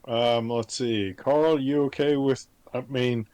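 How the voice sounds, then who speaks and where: Guy at the game table working it out out loud, dry no-room sound. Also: mid-range voice, steady tone, smooth, no room sound. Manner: thinks aloud, halting restarts. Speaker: player.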